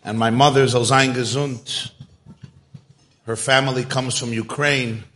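A man's voice: mid-range voice, fairly even intonation, measured pace, a bit bright. A man giving a storytelling talk to a live audience, chatty and joke-telling, speaking straight to his listeners.

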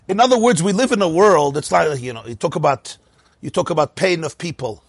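A middle-aged man giving a Torah lecture, animated, often asking rhetorical questions and repeating words as he explains. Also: on the high side, creaky, breathy edge, dry recording, studio quality. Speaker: teacher of Torah.

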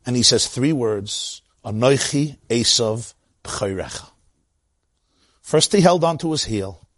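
Animated man with a Brooklyn accent. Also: mid-range voice, normal speed, dry recording, clean studio sound. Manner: animated storytelling, acting out voices. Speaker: teacher of Torah. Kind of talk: Torah lecture.

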